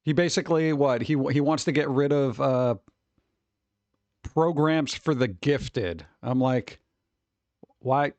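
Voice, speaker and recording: A man's voice: mid-range voice, takes it slowly, long pauses, darkish tone, no room sound, dull audio. A man chatting casually on a live stream, rambling, swearing freely and often laughing.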